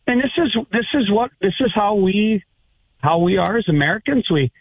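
A man's voice: sits high, expressive, normal speed, slightly rough, no echo. A man calling in to a radio talk show, ranting heatedly and stumbling over his words. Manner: fired up, repeats himself, stumbles over words. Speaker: radio caller. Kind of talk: heated call-in rant. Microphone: telephone. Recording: tinny phone line.

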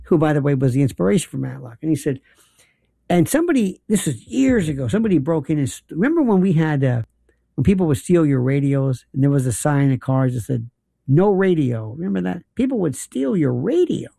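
A man's voice: a little high, fairly quick, gravelly, husky, dry recording, clean studio sound. A man hosting a talk radio show, telling opinionated stories and acting out the people he quotes. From New York. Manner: animated storytelling, acts out quoted people.

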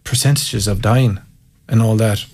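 Speaking a little slowly in a fairly low, steady, slightly mellow voice, a County Mayo man who once played Gaelic football tells candid stories at his own expense and reflects openly. He's a guest in conversation, with an Irish accent.

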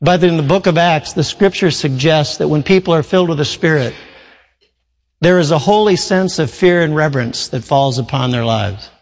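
A man pastor preaching a sermon, reading scripture and explaining it in an animated way. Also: on the high side, normal speed, long reverb tail, low-quality recording.

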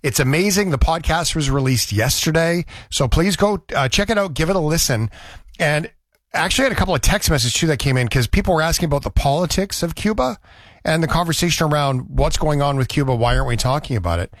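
Lively Canadian radio host, dry studio. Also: male voice, a little high, fast talker, no echo. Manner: rambling, conversational. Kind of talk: radio show chat.

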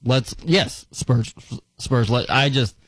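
A man hosting a casual sports talk radio show, animated and quick to react and laugh. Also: medium pitch, no room sound.

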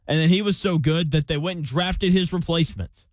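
A man hosting a sports talk show breaks down a football roster in a loose, chatty way, throwing in joking comparisons. His voice sits a little high for a man. The sound is dry and close to the mic, with no room around it. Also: fairly quick, no echo. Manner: chatty, jokey analogies, reads listener questions. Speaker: sports podcast host.

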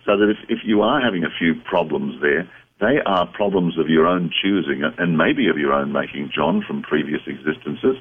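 A man guest on a call-in radio show, explaining spiritual ideas in a measured, reflective way. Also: rumbling low, a little hiss or hum. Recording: phone-like radio line.

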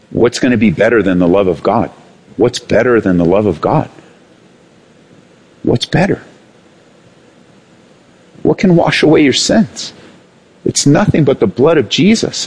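A man preaching a sermon as pastor, animated, swinging between raised and hushed delivery. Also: fairly low pitch, breathy edge.

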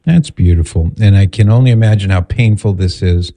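A man hosting a call-in radio show, speaking in a calm, measured, counseling way. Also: on the low side.

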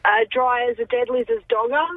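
A woman's voice: on the high side, steady tone, a little fast, no echo. An Australian woman calling in to a radio show, cheerful and chuckling as she chats. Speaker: caller. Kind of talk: phone-in chat. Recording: noisy phone line.

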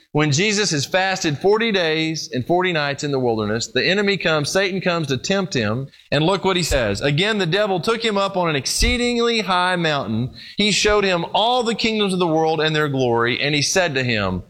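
A man preaching a sermon, talking straight to his listeners and swinging from loud, emphatic peaks down to low, hushed storytelling. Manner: speaks directly to the congregation, addressing them as folks and guys.

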